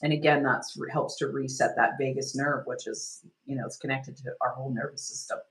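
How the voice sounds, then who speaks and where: A woman leading a live online healing workshop, talking gently and loosely, with many restarts and fillers as she guides a self-care technique. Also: very deep voice, steady tone, brisk, rough recording. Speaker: energy healing teacher.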